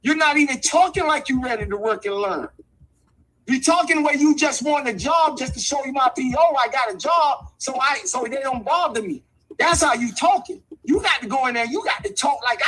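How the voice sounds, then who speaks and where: A man's voice: extremely high pitch, lively intonation, moderate pace, sharp tone, poor audio. A man talking in an impassioned, street-wise way, hammering his points with repetition like a lecture. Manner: emphatic and repetitive, preachy.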